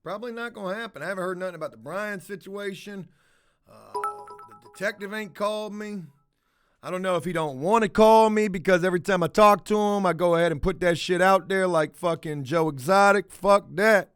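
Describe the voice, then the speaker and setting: A man with a high-pitched voice chats loosely on a livestream and reacts to viewers' comments. He rambles from one gripe to the next and swears freely, with a blunt, unfiltered delivery. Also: fairly quick, smooth, soft background music. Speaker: livestream host reading chat. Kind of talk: casual livestream chat.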